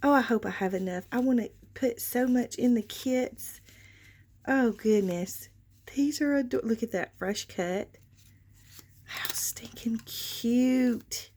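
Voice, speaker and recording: A woman hosts a casual craft vlog, and her slightly raised voice gushes over each new item. She speaks slowly and unhurriedly, with gasps and delighted exclamations, calling her viewers y'all. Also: fairly high pitch. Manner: gushing, excitable, frequent gasps and exclamations. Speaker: craft channel host. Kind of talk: casual show-and-tell vlog.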